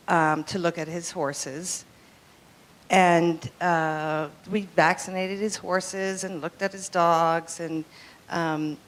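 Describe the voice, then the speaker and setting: A woman tells a story on a small club stage, her voice sitting a little low. She talks slowly, halting and filling gaps with ums. She sounds slightly nervous. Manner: hesitant, many ums, nervous. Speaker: open mic comic, veterinarian. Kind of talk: stand-up storytelling.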